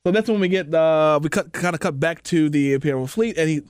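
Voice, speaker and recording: A man's voice: fairly high pitch, a little fast, a little mellow, clean tone, no echo, clean studio sound. Young man casually retelling scenes. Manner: storytelling, retells scenes plainly with light quips. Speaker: podcast co-host. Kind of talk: casual chat recapping a film.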